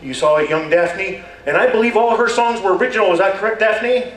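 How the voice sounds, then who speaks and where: An older man doing rambling, deadpan stand-up storytelling on a stage. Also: high voice, a little fast. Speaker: stand-up performer. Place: stage at a community talent show. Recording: echoey hall, voice far from mic, faint ambience.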